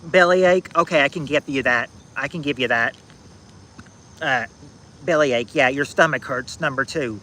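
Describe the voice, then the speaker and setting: A man hosting a casual trivia game on a livestream, reading viewers' answers aloud in a halting, repetitive way, outdoors at night on a phone. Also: mid-range voice, pushed and bright, a little hiss or hum, poor audio. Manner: halting and repetitive, restarting phrases, drawling out answers.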